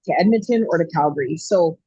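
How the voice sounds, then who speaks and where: A woman's voice: low-pitched, quick pace, mellow, breathy edge, no room sound. A woman calling in to a video chat from Canada, speaking in an eager, rambling way with many fillers. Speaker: caller on a video call. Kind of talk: casual chat. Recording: dull, lo-fi call audio.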